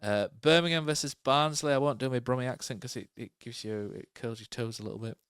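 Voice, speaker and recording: A man with a medium-pitched, fairly bright, clean voice talks fast while co-hosting a podcast. He chats casually about football, thinking aloud with lots of fillers and tag questions, and the clean studio sound has no room sound.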